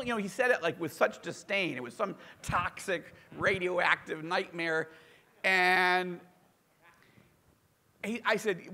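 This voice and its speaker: An American man, an author, telling a story in casual talk, animated and self-deprecating. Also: sits high, a little slow. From United States. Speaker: author and podcast guest.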